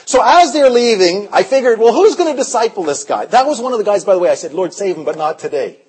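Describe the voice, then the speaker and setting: A man preaching a revival sermon, telling stories in an animated way, his voice swinging between loud and hushed. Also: high-pitched, fast, breathy edge. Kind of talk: storytelling sermon.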